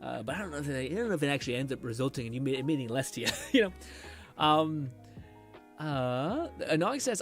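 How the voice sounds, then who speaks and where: A man's voice: medium pitch, big pitch swings, a little fast, soft background music. A man streamer chatting casually with his stream chat and answering comments in a rambling way, full of fillers and restarts.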